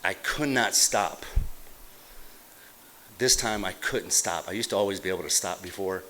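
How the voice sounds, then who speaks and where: A middle-aged man from Utah telling his recovery story at a meeting, halting and plain-spoken, with many fillers and restarts. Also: low voice, sharp tone, slight background noise. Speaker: AA meeting speaker. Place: meeting hall.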